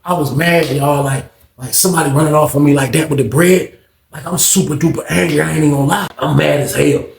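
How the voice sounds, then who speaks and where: A man telling a story in a casual, animated, slang-heavy way and talking straight to his listeners. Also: on the high side, fast talker, creaky, reverberant, a little hiss or hum.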